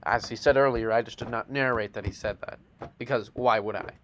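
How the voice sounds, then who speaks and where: A man's voice: mid-range voice, steady tone, brisk. A man narrating gameplay in a playful, mock-dramatic way, with teasing asides to the audience. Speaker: narrator of a game series. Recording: noisy home mic with clicks.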